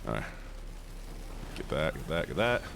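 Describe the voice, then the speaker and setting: A man live-streaming a game, chatting casually with his viewers, greeting them by name and reacting loudly to the game. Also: very deep voice, big pitch swings, normal speed, gravelly, noisy background. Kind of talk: casual live-stream chat while gaming.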